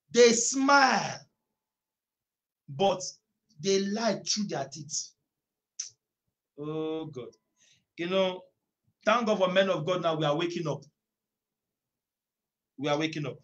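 A man preaching at an online prayer meeting, reading scripture emphatically, repeating phrases and bursting into drawn-out shouts. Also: high-pitched.

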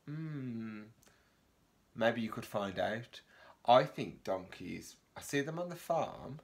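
A man, a reception class teacher, reads a picture book aloud for a remote lesson. He is animated, gasps at turns in the story, and asks the children questions. His pitch sits in the middle. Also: takes it slowly, vocal fry. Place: home, remote lesson video.

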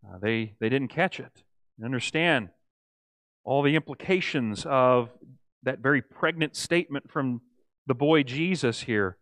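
A man teaching a church Bible study in a lively, conversational way, often acting out quoted lines and checking in with the group. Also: mid-range voice, unhurried, no room sound. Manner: animated, acts out quoted lines, asks the group "right?".

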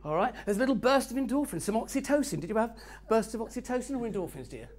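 A man's voice: very high voice, animated, fast, darkish tone. A man leading a live networking workshop, cheeky and joking, teasing his audience in a meeting room. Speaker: workshop speaker.

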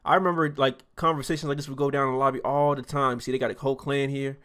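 A man's voice: medium pitch, level tone, fast talker, a bit bright, clear, resonant tone. A man giving a loose, chatty reaction commentary as a YouTuber, laughing often as he talks.

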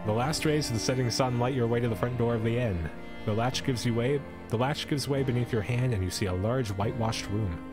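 A man's voice: medium pitch, brisk, over music. Playful young male streamer reading aloud. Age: young adult. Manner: playful, breaks off to joke and comment. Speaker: esports streamer. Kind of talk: live-streamed storybook reading.

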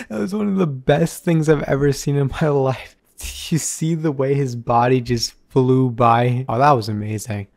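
A man giving excitable let's play commentary, laughing and exclaiming often as he plays. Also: mid-range voice, normal speed, gravelly. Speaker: gaming YouTuber.

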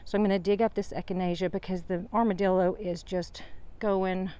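A woman's voice: mid-range voice, steady tone, a little fast, mellow, clear, resonant tone. A woman chatting casually outdoors in her home garden, rambling about her plants and sharing heartfelt thoughts on faith. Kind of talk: casual garden tour vlog. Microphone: handheld phone camera.

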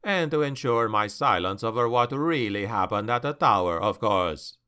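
A man voicing a cunning male dark elf noble in a fantasy audiobook, calm, even and persuasive. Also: on the low side, moderate pace, clean tone, voice pushed down.

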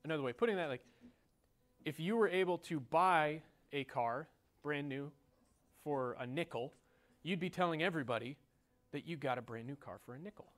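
A man's voice: a little high, moderate pace, a bit bright. Man teaching a casual Bible study. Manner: conversational, folksy, uses everyday analogies. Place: group room with a recording.

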